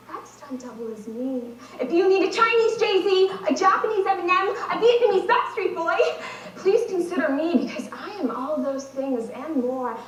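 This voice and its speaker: A woman's voice: very high-pitched, fairly bright tone. A teenage girl performing a competitive dramatic monologue in a wry, sardonic storytelling manner. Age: teens. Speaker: speech competitor. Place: competition stage in a large hall. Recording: echoey hall from far off.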